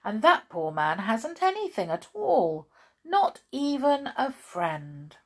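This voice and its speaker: Woman doing a gentle little fat man. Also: fairly high pitch, sing-song, slow pace, slightly rough, voice pushed up, full character voice. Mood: sad. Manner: gentle, sympathetic.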